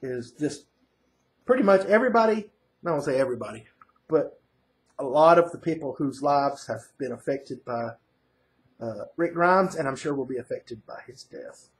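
Man, comic reviewer, casual recap, rambling, lots of fillers, mid pitch. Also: lively intonation, normal speed. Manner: rambling, filler-heavy retelling. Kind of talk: casual first-reaction recap.

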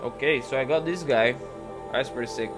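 A man's voice: mid-range voice, moderate pace, over music. A young man live-streaming a game, talking casually and in a laid-back way, muttering to himself and greeting his chat.

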